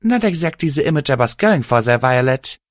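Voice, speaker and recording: A man's voice: medium pitch, very animated, a little fast, no echo, pitched above the performer's own voice, close to an everyday voice. A man voicing a weary, wry pony hero with dry humor in a storybook reading.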